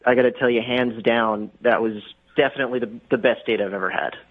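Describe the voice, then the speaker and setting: A man's voice: mid-range voice, steady tone, brisk. A man taking a surprise call from a radio show, hesitant and puzzled at first. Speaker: caller on the phone. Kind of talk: phone conversation. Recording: tinny phone line.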